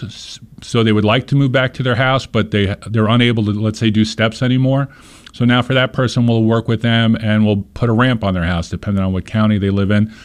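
A man with a fairly low voice talks in an easy, conversational way. He explains earnestly and leans on examples and little stories to make his points. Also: darkish tone. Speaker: nonprofit leader being interviewed. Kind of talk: conversational interview.

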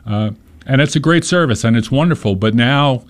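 A man's voice: mid-range voice, animated, normal speed. A man in an interview, earnestly explaining his organization's work with examples and short stories. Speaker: nonprofit leader being interviewed. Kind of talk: conversational interview.

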